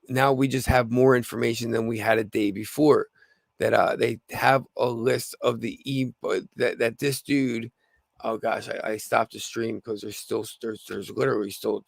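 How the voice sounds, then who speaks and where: A slightly hoarse man with a gravelly voice hosting a casual livestream, rambling with lots of fillers and restarts. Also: medium pitch, dry recording. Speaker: livestream host.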